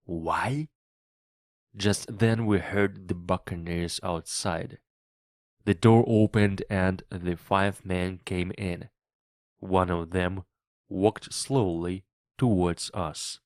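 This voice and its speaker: A man narrating a simplified English novel aloud for language learners in a clear, even reading. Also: low-pitched, takes it slowly, no room sound, studio quality. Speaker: English teacher reading a graded book.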